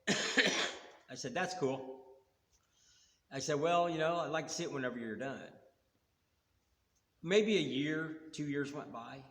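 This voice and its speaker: Man, casual rambling car storyteller, even mid voice, roomy echo with long tail. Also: mid-range voice. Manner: rambling, retells dialogue with quoted back-and-forth. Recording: echoey room with long reverb.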